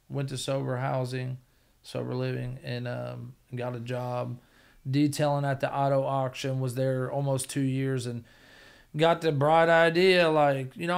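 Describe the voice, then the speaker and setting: A man's voice: mid-range voice, creaky, clear, resonant tone. A middle-aged man, a podcast guest, telling his story in a blunt, profane, rambling way. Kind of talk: casual storytelling.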